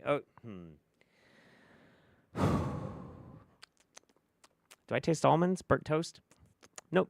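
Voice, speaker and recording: A man's voice: medium pitch, a bit bright, smooth, no echo. An American man hosting a stream, reacting to clips with sarcastic, profane, mocking commentary. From United States. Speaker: host.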